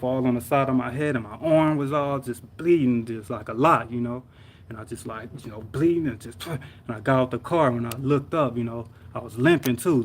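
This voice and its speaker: Rambling young man telling a story. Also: slight background noise. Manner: rambling, slangy, repeats sound words like boom. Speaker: live streamer. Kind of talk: casual storytelling vent. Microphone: live stream mic.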